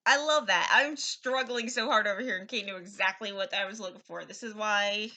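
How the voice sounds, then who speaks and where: A woman's voice: medium pitch, brisk, bright, forceful tone, rough recording. A woman in casual, self-deprecating chat, laughing easily. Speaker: co-host.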